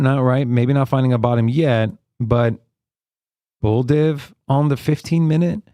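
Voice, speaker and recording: Relaxed man talking through trading charts. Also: mid-range voice, no echo, clean studio sound. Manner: relaxed, thinks aloud with fillers while reading charts. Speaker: co-host and trader on a live trading show. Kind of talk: casual live chart analysis.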